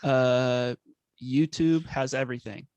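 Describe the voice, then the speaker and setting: A man's voice: mid-range voice, fairly even intonation, slow, darkish tone, clean tone, no room sound, muffled recording. A man, a band member guest, talking earnestly and sentimentally in a casual interview. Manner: earnest, sentimental, laughs at himself.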